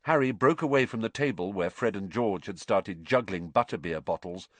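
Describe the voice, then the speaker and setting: Brief: male audiobook narrator; animated, dramatic reading, dry close mic. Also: lowish voice, moderate pace, no echo. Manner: expressive, dramatic storytelling.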